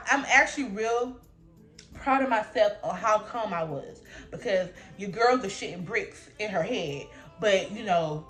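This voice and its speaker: A young woman telling a storytime vlog in casual slang, acting out voices with big jumps in pitch. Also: a little slow, soft background music. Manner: animated storytelling, acting out her own and others' lines with big pitch jumps. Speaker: vlogger.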